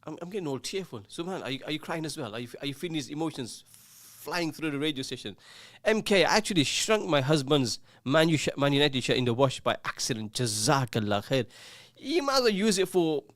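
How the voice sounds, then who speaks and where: A man's voice: a little high, sing-song, fairly quick, fairly bright tone, no echo, studio quality. A man hosting a community radio call-in show, teasing listeners and reading out their messages in a casual, jokey way. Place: radio studio.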